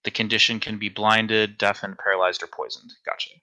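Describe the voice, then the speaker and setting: Brief: male game master, very bright and clear voice, easy, halting narration. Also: on the low side, rough recording. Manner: relaxed, hesitant with frequent fillers. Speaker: dungeon master.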